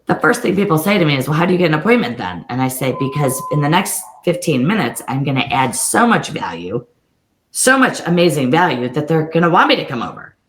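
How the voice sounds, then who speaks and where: A woman real estate coach giving a storytelling coaching talk, lively, acting out quoted dialogue in quick back-and-forth. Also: low voice, reverberant, a little hiss or hum, rough recording.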